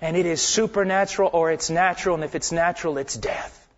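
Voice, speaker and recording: Male preacher with a high voice, impassioned sermon delivery that swings between loud emphasis and hushed tones, dull lo-fi recording. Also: a little fast.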